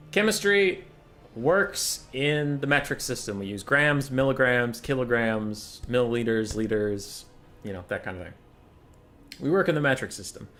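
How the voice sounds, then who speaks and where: A man with a mid-pitched voice hosts a game stream in a loose, chatty way. He rants and swears, then swings into loud, exasperated outbursts. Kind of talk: casual live-stream chat.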